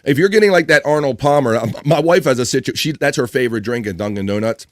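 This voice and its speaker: A man's voice: mid-range voice, fast talker, no echo, clean studio sound. A man hosting a live stream, chatting casually and reading viewer comments aloud.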